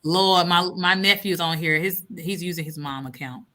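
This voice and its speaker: A woman's voice: on the low side, moderate pace, sharp tone. A woman in her thirties hosting a casual live stream, reading out comments and acting out her own thoughts with lots of laughter.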